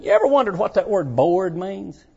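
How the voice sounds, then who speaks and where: An older man preaching a folksy sermon to young people, swinging between shouted points and hushed asides. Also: sits high, very animated, normal speed, vocal fry, slightly rough. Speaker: pastor. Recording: dull lo-fi sound.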